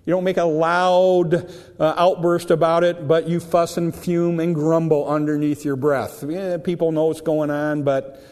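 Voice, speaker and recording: A man's voice: fairly high pitch, level tone, unhurried, a little mellow, long reverb tail. A man preaching a sermon as a pastor, emphatic, with frequent repetitions and restarts.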